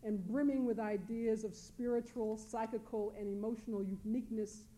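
A woman on a panel reading a prepared academic talk, measured and deliberate, leaning on key words for emphasis. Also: a little high, steady tone, dark tone, poor audio. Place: lecture hall panel.

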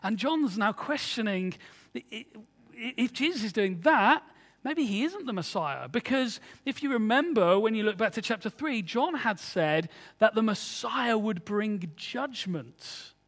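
Man, high voice, earnest conversational sermon, long hall reverb. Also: animated, unhurried, fairly bright tone. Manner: conversational, earnest preaching with rhetorical questions. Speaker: preacher.

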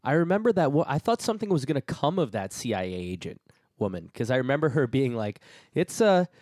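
Male co-host, chatty, lively swooping pitch, dry sound. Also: quick pace, no room sound. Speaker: podcast co-host. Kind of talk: casual chat.

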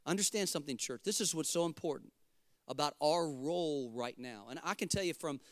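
A man preaching with a fervent, emphatic drive and a fairly high voice for a man. He breaks into casual, joking asides to the congregation. The sound is dry and close. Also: a little fast, dry recording. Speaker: pastor. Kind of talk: sermon.

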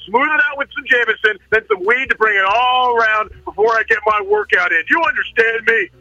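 Man, caller, crude joking, very high bright voice, muffled dry phone line. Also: fairly quick, no echo. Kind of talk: casual phone chat.

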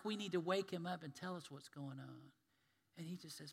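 A male pastor preaching a sermon, telling stories and swinging from loud emphasis to hushed tones. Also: a little high, moderate pace, creaky, breathy edge, in a large hall.

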